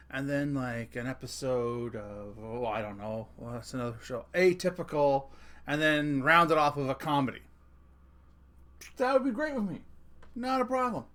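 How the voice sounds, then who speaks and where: A middle-aged man with a fairly high voice hosts a casual rant podcast. He jokes, swears freely and keeps talking straight to his listeners, tossing in little asides. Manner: profane, joking, talks straight to listeners. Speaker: podcast host.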